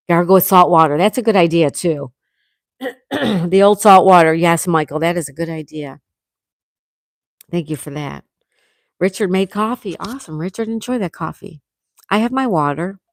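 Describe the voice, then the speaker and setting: A woman with a sore throat hosts a relaxed morning livestream, greeting viewers by name and reading their comments aloud. Her voice sits a little low, and the sound is dry and close to the mic. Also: moderate pace, pauses often, no echo. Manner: chatty, reads out comments, frequent laughs. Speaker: livestream host reading chat. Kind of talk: casual live chat with viewers.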